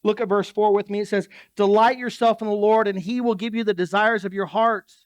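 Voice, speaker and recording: High-voiced man preaching a sermon. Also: steady tone, a little fast, no echo. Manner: conversational preaching with asides to the congregation. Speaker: pastor.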